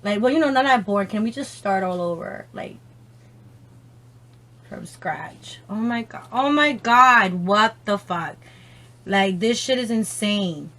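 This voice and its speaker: A young woman does her makeup on camera at home and chats on the phone as she goes. She drawls her words out slowly and swears freely. She keeps exclaiming and laughing between lines. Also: medium pitch, fairly bright tone. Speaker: beauty vlogger. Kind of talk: casual makeup chat on the phone.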